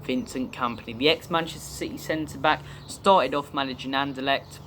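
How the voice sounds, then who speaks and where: A man's voice: mid-range voice, fairly quick, background noise. A young man from the UK hosting a football fan channel, giving chatty, opinionated commentary and drifting off topic at times. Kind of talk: casual fan commentary to camera.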